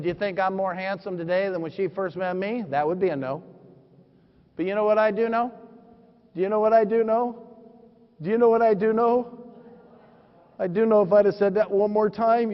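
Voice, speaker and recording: A man in his fifties with a high voice gives a motivational keynote from a stage, swinging from hushed asides to sudden shouts as he acts out his stories. The sound is dull and muffled, with a long reverb trailing through a big conference hall. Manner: animated storytelling, acting out dialogue, sudden shouts. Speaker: motivational speaker.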